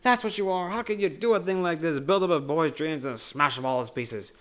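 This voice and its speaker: A man's voice: on the high side, brisk, fairly bright tone, pitched above the performer's own voice, lightly acted. A man putting on an indignant elderly grandfather who is hurling accusations. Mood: outraged. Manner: accusing, raised voice.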